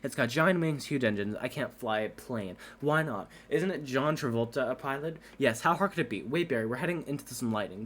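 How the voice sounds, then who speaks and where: A man's voice: medium pitch, lively intonation, fairly quick, few pauses, a bit bright. A man reading a whole movie script aloud at breakneck speed for laughs, doing every character in his own voice and tripping over words. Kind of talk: rushed comedic script reading.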